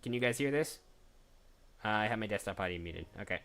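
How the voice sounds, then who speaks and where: Chatty man streaming, low voice. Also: animated, a little fast. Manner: chatty, thinks aloud, laughs at himself. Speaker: voice actor streaming live. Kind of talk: casual live-stream chat. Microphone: desk microphone.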